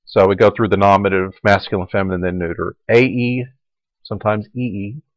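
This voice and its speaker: Low-voiced man teaching Latin grammar. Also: brisk, no room sound, low-quality recording. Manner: relaxed explaining, repeating forms aloud. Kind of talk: recorded lecture.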